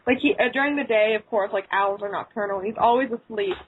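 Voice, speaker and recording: A woman's voice: medium pitch, quick pace, breathy edge, no room sound. A woman chatting casually on a podcast panel, gushing about game characters. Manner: gushing, giggly. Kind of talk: casual group chat. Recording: phone-like call audio.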